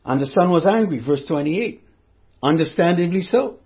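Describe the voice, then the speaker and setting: Male preacher, high voice, conversational sermon, repeats himself, dull lo-fi recording. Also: expressive, moderate pace, gravelly. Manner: conversational, repeats himself, addresses listeners directly.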